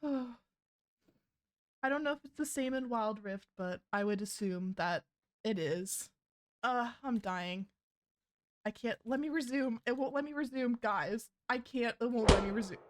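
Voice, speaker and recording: A woman's voice: on the high side, measured pace. A young adult woman streaming a game, chatting casually and breaking into helpless laughter.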